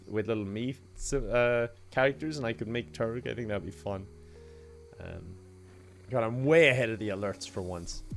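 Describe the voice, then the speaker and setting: A man chatting casually while streaming a game, laughing often and thanking viewers by name. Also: medium pitch. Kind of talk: casual gaming livestream chat.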